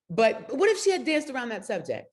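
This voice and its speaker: A middle-aged woman spoken word poet talking earnestly on a video call, emotional and close to tears. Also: fairly high pitch. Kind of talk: casual talk on a video call.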